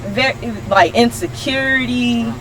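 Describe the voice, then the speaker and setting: A young woman hosting a casual podcast chat, frank and animated, swearing freely. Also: fairly high pitch, measured pace. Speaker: podcast host. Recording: noisy background.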